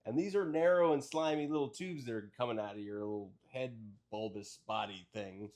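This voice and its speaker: A man holds forth in an improvised comedy rant, piling up absurd details in a rambling stream. His voice sits in an ordinary middle male pitch. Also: fairly quick, darkish tone. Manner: rambling, absurd, escalating riffs. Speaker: comedy podcast regular.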